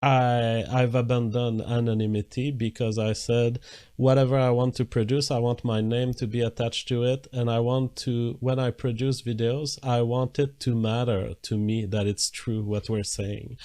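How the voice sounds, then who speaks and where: Male live-stream talk host, mid-range pitch, measured and deliberate. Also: flat delivery, warm tone. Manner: measured, deliberate, reads viewer comments aloud.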